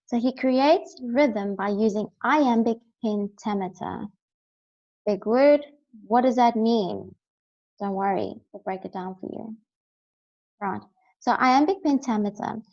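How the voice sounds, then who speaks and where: A woman's voice: on the high side, takes it slowly, a little mellow, muffled recording. A woman teaching a recorded lesson, explaining step by step and often checking in with "right?".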